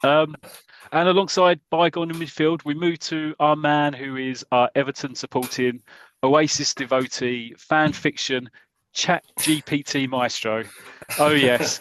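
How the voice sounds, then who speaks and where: A man's voice: fairly high pitch, fairly even intonation, measured pace, fairly bright tone, no echo, poor audio. A British man hosting a podcast, playfully introducing each member of the team in a casual chat. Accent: British English. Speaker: podcast host.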